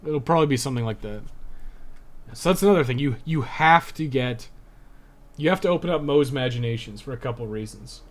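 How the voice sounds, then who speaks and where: A man's voice: mid-range voice, lively intonation, fairly quick. A young man giving casual live-stream commentary over his speedrun at home, thinking aloud with lots of fillers. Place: home room.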